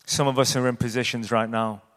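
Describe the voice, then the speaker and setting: A man's voice: medium pitch, little pitch movement, brisk, fairly bright tone. A man preaching a sermon in a conversational way, often checking in with his listeners with short tag questions. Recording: echoey hall.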